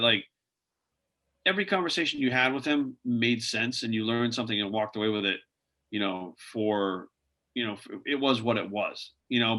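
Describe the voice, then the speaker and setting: A man speaking as a podcast guest, rattling off stories at a quick clip. His voice is bright and forceful, and he strings thoughts together with fillers like "like" and "you know". The talk is loose and conversational. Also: mid-range voice. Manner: rambling anecdotes full of "like" and "you know". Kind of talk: casual interview storytelling.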